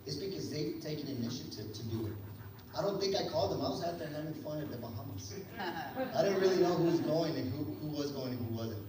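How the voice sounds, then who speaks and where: A man giving an energetic motivational talk to an audience at a sales event, telling stories with lots of fillers. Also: a little high, fast. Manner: energetic storytelling, many fillers. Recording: echoey hall, distant mic, noisy.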